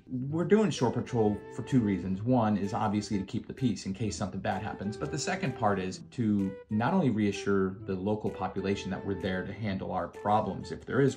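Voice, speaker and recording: An American man in his fifties, a former Marine, telling a casual anecdote with wry asides to the listener. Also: fairly low pitch. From United States.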